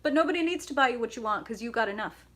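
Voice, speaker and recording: A woman's voice: fairly high pitch, animated, rapid-fire, fairly bright tone. A woman hosting a live tarot stream, bubbly and chatty, greeting viewers by name and laughing often.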